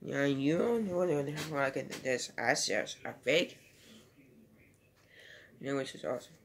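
Slow, rambling male movie reviewer. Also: mid-range voice, animated, slight background noise. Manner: rambling, loosely strung retelling. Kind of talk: casual home video review.

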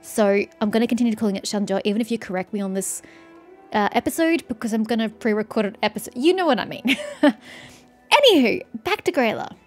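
A woman's voice: on the high side, animated, quick pace, soft background music. A woman hosting a game playthrough, chatting casually and musing aloud as she plays. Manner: chatty, musing, self-questioning. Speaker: let's-play host.

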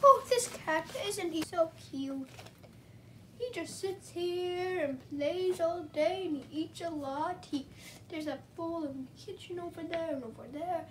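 A woman's voice: very high-pitched, unhurried, fairly bright tone. A woman reading a children's picture book aloud, with chatty asides to her cat between pages, and faint background noise. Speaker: storybook reader.

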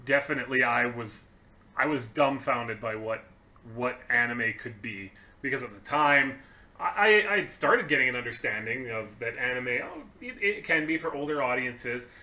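A man's voice: mid-range voice, animated, moderate pace, bright, forceful tone. A young man from Canada co-hosting a podcast, talking earnestly in casual chat and often restarting and repeating words. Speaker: podcast co-host.

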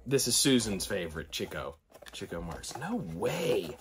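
A middle-aged man talking casually through an unboxing, excitable and often dropping to delighted whispers and gasps. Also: lowish voice, unhurried, heavy background noise. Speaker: collector vlogger.

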